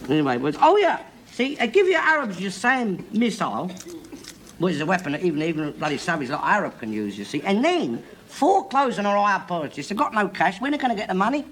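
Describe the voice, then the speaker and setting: An actor playing a blustering, bigoted older working-class man who lectures loudly and swears constantly. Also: high voice, big pitch swings, fast. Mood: lecturing. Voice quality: loud, hectoring, swears constantly. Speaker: sitcom character. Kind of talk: 1970s sitcom acting. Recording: studio audience laughter and hiss.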